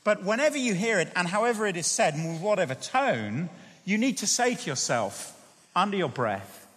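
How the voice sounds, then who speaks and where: A man preaching a sermon, reading scripture aloud with emphatic, animated delivery. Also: sits high, fairly quick. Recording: long hall reverb.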